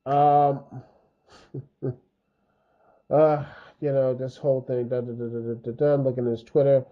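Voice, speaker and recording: A man's voice: medium pitch, flat delivery, measured pace. Rambling man with a dull lo-fi mic. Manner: rambling, many fillers and restarts; frustrated, heated. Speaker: video commentary host. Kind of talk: unscripted opinion commentary.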